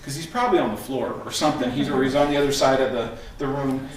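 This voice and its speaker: A middle-aged man preaching a sermon as pastor, telling stories in an animated way and acting out the scenes. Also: medium pitch, fast talker. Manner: animated storytelling, acts out scenes. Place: church sanctuary. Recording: echoey room from a distant mic, faint noise.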